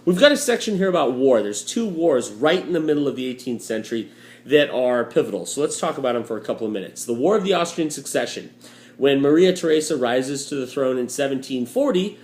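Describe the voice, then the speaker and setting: A man's voice: a little high, lively intonation, a little fast. Casual male teacher in a roomy space. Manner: casual, joking asides, many uh fillers. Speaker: history teacher. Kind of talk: recorded lecture walkthrough. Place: home room with a dryer running. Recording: roomy echo.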